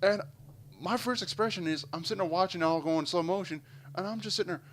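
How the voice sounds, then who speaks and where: This gameplay commentator has a high-pitched voice and talks fast, with a little hiss or hum on the recording. He rambles through a long, expletive-filled story while gaming, animated and casual throughout.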